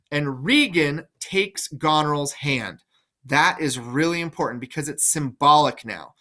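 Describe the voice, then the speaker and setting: Brief: chatty male teacher walking through a play, bright and forceful tone. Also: fairly high pitch, animated, moderate pace. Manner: chatty, enthusiastic, full of fillers. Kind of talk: casual classroom explanation.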